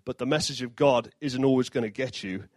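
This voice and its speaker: A man's voice: medium pitch, brisk, dry recording. A man giving an informal sermon, mixing scripture with jokey asides and self-deprecating humor. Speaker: preacher.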